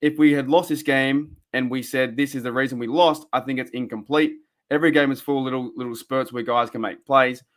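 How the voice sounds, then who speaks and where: An Australian man hosts a casual fan live stream, talking into a desk microphone. He rambles and gets excitable, breaking off to answer his chat viewers. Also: mid-range voice, fairly quick, few pauses. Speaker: fan podcast host.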